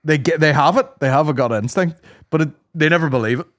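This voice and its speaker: A man's voice: a little high, quick pace, fairly bright tone. A man hosting a podcast, chatting casually and laughing a lot as he riffs jokes. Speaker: podcast host. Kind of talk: casual chat.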